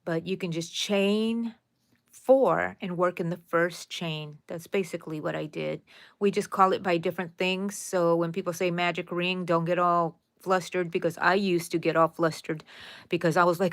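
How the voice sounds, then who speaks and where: A woman's voice: on the low side, steady tone, moderate pace, no echo, studio quality. Chatty woman teaching crochet. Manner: chatty, talks to viewers as y'all, counts stitches aloud. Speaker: crochet tutorial host. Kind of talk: casual crochet tutorial.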